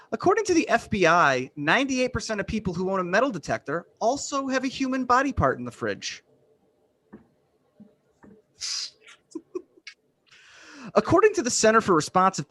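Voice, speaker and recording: A man from Western Massachusetts doing a deadpan, self-deprecating stand-up set over a video call. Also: high voice. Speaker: stand-up comedian.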